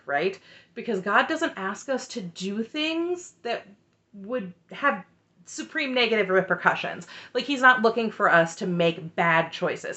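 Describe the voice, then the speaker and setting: A woman with a bright, clear voice talks through a reality show episode in a casual, opinionated recap. She is candid and animated and often stops for asides. Her pitch sits in the middle of the usual range.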